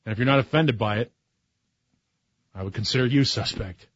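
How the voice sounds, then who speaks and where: A man's voice: mid-range voice, fairly quick, a bit bright, breathy edge, no room sound, muffled recording. A man in his forties, a talk radio host, speaking in a sarcastic, opinionated monologue that builds to heated emphasis. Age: 40s. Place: radio studio.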